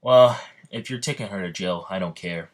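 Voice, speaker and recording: A man voicing a cool, aloof male demon king in a flat, offhand read. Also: low-pitched, normal speed, natural voice.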